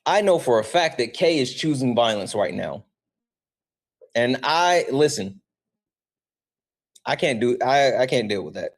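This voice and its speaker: A young man hosting a casual livestream, talking straight to his chat and reading out donations as they come in. His voice sits at an ordinary pitch, and he keeps things loose, animated and full of offhand swearing. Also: measured pace, long pauses. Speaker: livestream host.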